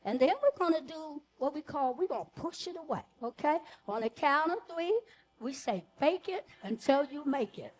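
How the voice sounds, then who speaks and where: A woman leading a live group breathing workshop, giving slow, soothing cues for each breath. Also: sits high, lively intonation.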